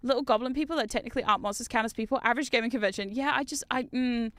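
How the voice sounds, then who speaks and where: A VTuber streamer with a New Zealand accent gives casual gameplay commentary, loud, excitable and full of swearing. Her voice is fairly high and very fast, in a dry recording.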